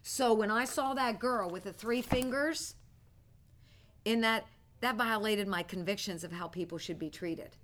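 A woman teaching a ministry class, telling stories in an animated way and often breaking into laughter. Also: medium pitch, a little slow, slight background noise. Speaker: church teacher.

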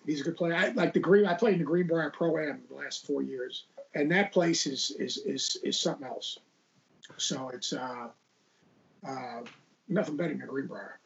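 A man's voice: mid-range voice, highs cut off. A middle-aged man telling casual stories as an interview guest, rambling with lots of restarts. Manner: rambling, restarts a lot, gravelly.

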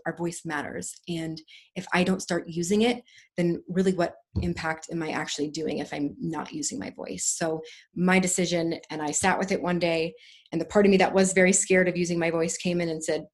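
A woman guest on a podcast, talking in a casual, effusive and earnest way, rambling with restarts. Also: lowish voice. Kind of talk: casual conversational interview.

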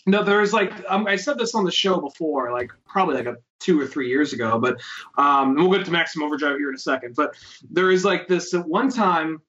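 A man's voice: a little high, animated, a little fast, sharp tone, highs cut off. A man hosting a podcast, telling rambling, profane stories in casual chat. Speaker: podcast host.

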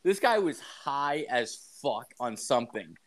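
A man's voice: medium pitch, sing-song, unhurried. Profane rambling man. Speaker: storyteller. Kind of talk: casual storytelling.

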